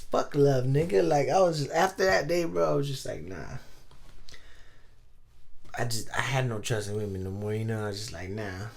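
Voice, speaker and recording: A man's voice: medium pitch, gravelly. A young man on a podcast telling a long story in slangy, profane, rambling chat full of fillers. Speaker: podcast co-host.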